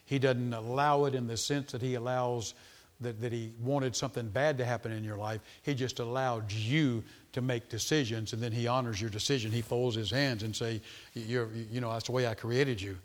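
A middle-aged man preaching a sermon, emphatic, repeating words and swinging from loud to quiet. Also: mid-range voice, steady tone, moderate pace. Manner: emphatic, repeats words, rises and falls sharply in loudness.

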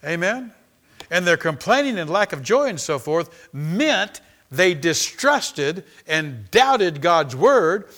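A pastor preaching with a bright, forceful voice that sits a little high for a man. He hammers his points through repetition and calls out for amens. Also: big pitch swings, slow. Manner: emphatic preaching, repeating phrases, calling for amens. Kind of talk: sermon.

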